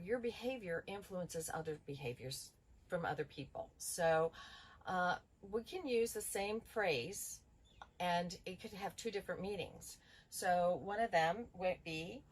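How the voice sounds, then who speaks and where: A middle-aged woman calmly explaining communication skills in a training video, giving examples. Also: fairly low pitch, measured pace, slightly rough, poor audio. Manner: calm, explanatory, gives examples. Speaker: school bus safety trainer.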